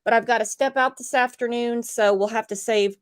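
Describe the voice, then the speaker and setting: A woman's voice: a little high, a little fast, clean tone. A woman hosting a true crime livestream, chatting casually with a guest and reading out viewer comments. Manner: animated, reads out viewer comments.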